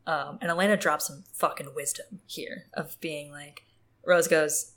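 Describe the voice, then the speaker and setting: Slow, lively low-voiced woman who laughs a lot. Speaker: podcast co-host. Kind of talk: casual book discussion chat.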